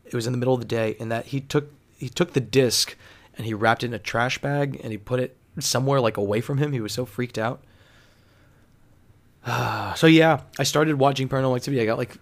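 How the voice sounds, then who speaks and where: A man telling a story in a casual, rambling monologue, full of fillers and swearing. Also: mid-range voice. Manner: rambling, profane, filler-heavy.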